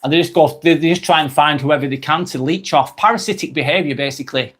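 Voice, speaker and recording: A man's voice: fairly high pitch, fast talker, a bit bright, slightly rough. Chatty man. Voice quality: broad strong accent. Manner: blunt, chatty, swears freely, repeats phrases. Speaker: live stream host. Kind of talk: casual live-stream chat reading comments.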